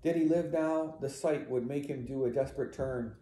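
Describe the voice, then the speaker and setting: A man voicing a sorrowful older uncle in a mournful, measured way. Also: mid-range voice, mellow, natural voice. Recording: roomy echo.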